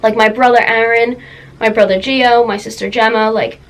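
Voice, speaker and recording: Emotional young woman, halting and tearful. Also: on the high side, fairly even intonation, rough recording. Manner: emotional, halting, many fillers. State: close to tears. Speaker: vlogger. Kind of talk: personal confessional vlog.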